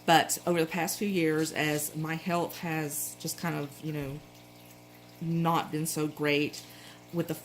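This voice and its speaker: Low-voiced Southern woman, chatty. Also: slight background noise, poor audio. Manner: chatty, rambling, frequent self-corrections. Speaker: planner vlogger. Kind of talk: casual show-and-tell chat.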